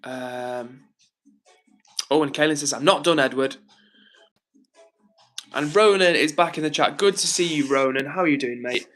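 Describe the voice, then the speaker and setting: A man hosting a live stream, chatting casually and reading viewer comments aloud in a gentle, reassuring way. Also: a little high, normal speed, faint music behind. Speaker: livestream host reading chat.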